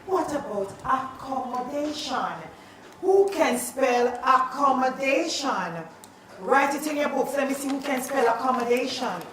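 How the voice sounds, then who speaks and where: A woman teacher, leading a playful, animated spelling lesson in a classroom. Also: sits high, a little slow, a little hiss or hum. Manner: animated and playful, calls out questions. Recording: echoey classroom, mic at a distance.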